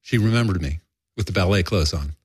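A man's voice: low-pitched, a little fast, slightly rough, dry recording, studio quality. An older man telling a rambling, profane story in a candid interview, acting out quoted voices. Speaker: guest.

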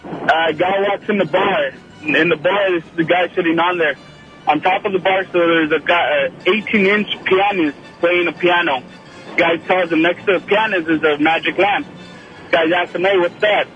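A male caller with a high voice stumbles through a joke and keeps correcting himself. The call sounds muffled and narrow, with faint music behind. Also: fairly bright tone. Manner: halting, self-correcting telling. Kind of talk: telling a joke on a call-in show. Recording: muffled phone-line call.

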